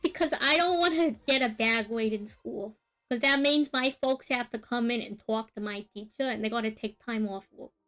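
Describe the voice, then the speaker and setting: A young woman art streamer, her voice a little high and fairly bright at normal speed, chats casually while drawing on stream over soft background music. She tells a long personal story, rambling with plenty of fillers and asides.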